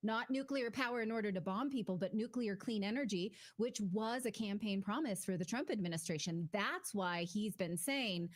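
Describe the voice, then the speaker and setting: A woman's voice: medium pitch, moderate pace, hardly any pauses. A woman co-hosting a news talk show, firm and matter-of-fact in her commentary.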